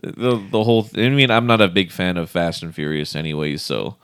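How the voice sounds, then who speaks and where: Laid-back man for casual car talk, deep-ish clean voice, dry close recording. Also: steady tone, a little fast, a bit bright, clear, resonant tone, no echo. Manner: laid-back, laughs often, swears casually. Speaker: co-host. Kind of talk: casual chat.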